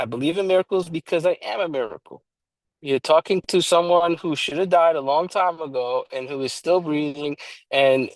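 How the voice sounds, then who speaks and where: Fired up guy, kinda high voice, preachy and casual, swears some, dry sound. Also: no room sound, poor audio. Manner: emphatic, preachy, swears casually, restarts often. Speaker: recovery study co-host. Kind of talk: casual online meeting talk.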